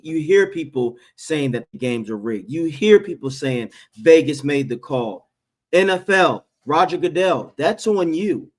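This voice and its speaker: A man co-hosting a live sports reaction stream, speaking in a somewhat high voice. He is blunt and fired up. He keeps calling out to his co-host mid-rant. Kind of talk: casual sports reaction chat.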